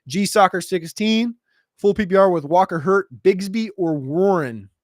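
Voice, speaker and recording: A man hosting a casual livestream Q&A, answering viewer questions in a quick, chatty way with sudden jumps in pitch. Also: dry recording, studio quality. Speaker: fantasy football show host.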